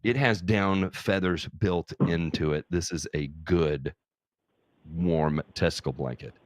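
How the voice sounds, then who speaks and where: A man's voice: sits low, takes it slowly, no room sound, clean studio sound. A man hosting a charity livestream, talking casually in a candid, profane, self-deprecating way. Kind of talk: casual chat.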